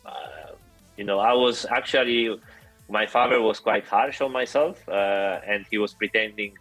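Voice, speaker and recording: Low-voiced Polish-accented man, halting. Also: a bit bright, soft background music, rough recording. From Poland. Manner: halting, many fillers and restarts. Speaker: interview guest. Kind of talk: casual storytelling interview.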